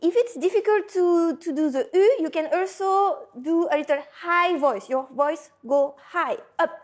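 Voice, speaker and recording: A French teacher with a very high, unhurried voice patiently coaches a student's pronunciation during a lesson, often checking in with "hmm?".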